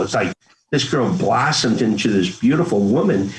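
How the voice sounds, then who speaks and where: A man's voice: lowish voice, expressive, moderate pace, rough recording. A man in his sixties, a former Marine, telling his story as an interview guest in an earnest, folksy way and acting out old family talk. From United States. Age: 60s. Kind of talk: conversational storytelling.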